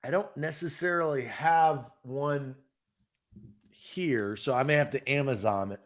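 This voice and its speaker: A man's voice: medium pitch, a little slow. A man hosting a sports podcast, playful and teasing as he sets up a challenge. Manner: playful, teasing, laughs often. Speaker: podcast host. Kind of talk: casual chat.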